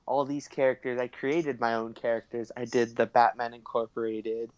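A man's voice: medium pitch, little pitch movement, moderate pace, darkish tone, no room sound, highs cut off. A young man in casual podcast chat, rambling with many fillers and frequent laughs. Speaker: podcast co-host.

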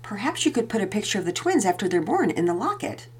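A woman's voice: medium pitch, big pitch swings, quick pace, husky. Woman doing a tender storybook mama. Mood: gentle. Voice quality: soft, sweet motherly tone. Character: loving mother, gentle and tender.

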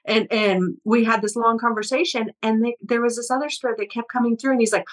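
A woman's voice: fairly high pitch, fairly even intonation, fast talker. A woman energy healer, a guest in a casual interview, telling stories in a rambling way with many restarts and repeated words.

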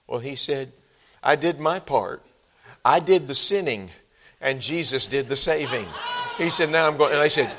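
A man preaches a sermon to a church congregation. His voice sits at an ordinary middle pitch. He builds to loud, emphatic swells and then falls back to a low, quiet delivery. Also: normal speed. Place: church sanctuary.

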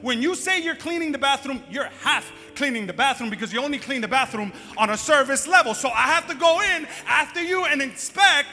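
A man's voice: very high voice, brisk, few pauses, bright, forceful tone, voice pushed up, exaggerated voice. A man voicing an exasperated wife who scolds her husband about chores, in an insistent, scolding manner. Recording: echoey hall, faint music.

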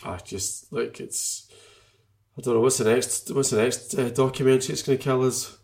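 A man talks football in a loose, emotional way, circling back and restarting his sentences. His voice sits in a middle pitch. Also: steady tone, normal speed, darkish tone. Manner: emotional, rambling, trailing off and restarting. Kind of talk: casual chat about football.

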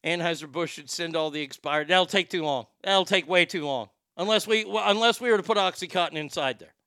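Male host, profane rambling comic rant, tense bright voice, dry close sound. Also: sits high, a little fast, clean tone, dry recording. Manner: crude, rambling, stammers and repeats words. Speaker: show host.

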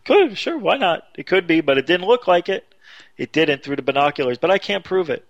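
A man telling a long story on a radio talk show, getting more animated and higher as he goes. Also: fairly quick, no room sound. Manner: animated storyteller, rising pitch when excited. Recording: dull lo-fi radio audio.

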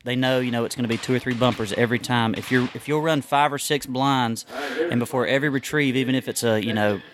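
Relaxed man with crowd behind. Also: mid-range voice, fast talker. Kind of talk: casual chat.

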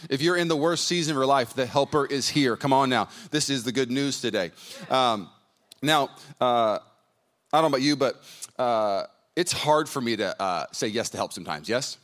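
A man's voice: medium pitch, a bit bright. A man in his thirties preaching a sermon to a congregation in a church, chatty and anecdotal, with many fillers and restarts. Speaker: pastor. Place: church hall before a congregation.

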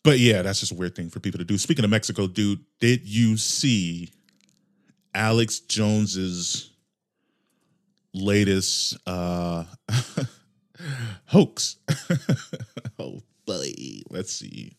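A man hosting a comedy podcast, delivering a casual, profane monologue with lively swings in pitch and loudness. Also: slow pace, long pauses. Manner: animated, profane ranting with mock voices. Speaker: podcast host.

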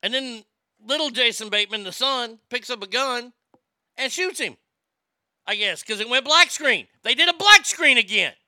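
A man's voice: extremely high pitch, animated, moderate pace, pushed and bright, no echo, clean studio sound. A man hosting a live stream, chatting casually, ranting with profanity and reading viewer comments aloud.

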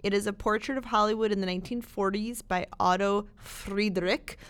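Excited chatty woman cohosting a book podcast, lots of likes and ums, mid pitch. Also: moderate pace, smooth. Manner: enthusiastic, chatty, laughs easily. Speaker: library podcast co-host. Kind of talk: casual podcast chat.

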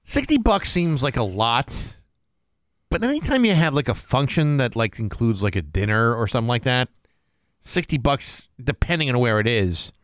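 A man co-hosting a casual podcast, trading dry quips and easy banter. His pitch swings up and down with animation, and the sound is close and dry. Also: sing-song, moderate pace, no room sound. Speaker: podcast co-host. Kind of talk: casual chat.

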